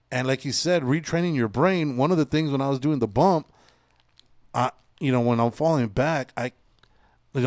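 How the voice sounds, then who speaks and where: A man in his forties hosting a podcast, telling stories in a casual, profane, animated way. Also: medium pitch, dry recording, clean studio sound. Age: 40s. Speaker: podcast host. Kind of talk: casual chat.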